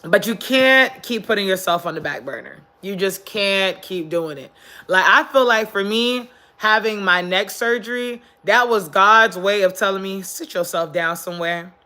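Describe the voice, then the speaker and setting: A woman's voice: mid-range voice, moderate pace, sharp tone. A woman hosting a casual motivational live stream from her phone while sitting on the floor, earnest and preachy, repeating her points for emphasis. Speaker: livestream host. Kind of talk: casual motivational livestream talk.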